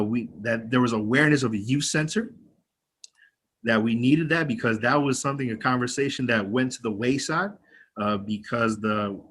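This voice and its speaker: A man's voice: mid-range voice, bright, forceful tone, a little hiss or hum. A young man with a twang in his voice, a county legislator giving a candid, rousing speech over a video call and swearing freely. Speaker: county legislator speaking to an activist group. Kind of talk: personal speech at an online meeting.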